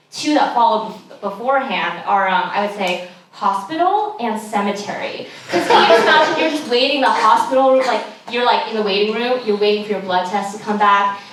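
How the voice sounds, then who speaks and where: Performing stand-up in a room, this young Californian woman speaks in a mid-range, fairly bright voice, full of ums, giggles, and self-deprecating chat. The mic captures her from afar in a very echoey space, with some noise present.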